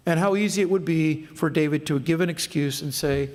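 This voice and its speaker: A middle-aged man with a Southern US accent preaches in a slightly high voice. He tells stories with earnest asides and restarts. Long reverb rings from the church hall around him. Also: a little fast, hardly any pauses, darkish tone. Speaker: pastor. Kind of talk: sermon. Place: church sanctuary.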